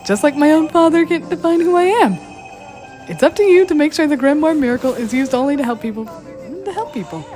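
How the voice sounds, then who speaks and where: An earnest young defense attorney voiced by a woman, sitting high in pitch and swinging expressively. He speaks sincerely and gets easily moved. Light music plays underneath. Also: lively intonation, fairly quick, mellow. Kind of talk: fan voice dub.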